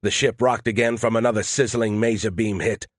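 A man giving scripted first-person audiobook narration, steady and tense. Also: on the low side, fairly quick, no echo, studio quality.

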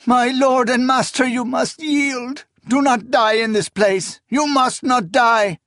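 A man voicing a desperate young woman, sobbing and shrieking her pleas in a high, strained voice, in an audiobook reading. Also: steady tone, takes it slowly, fairly bright tone, dry recording, studio quality, full character voice. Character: young woman, desperate and grief-stricken wife.

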